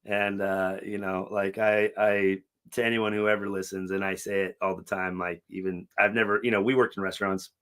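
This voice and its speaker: A middle-aged man on a podcast, talking casually and emotionally, swearing often and acting out quotes loudly. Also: low voice, little pitch movement, brisk, hardly any pauses, clear, resonant tone. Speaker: podcast co-host.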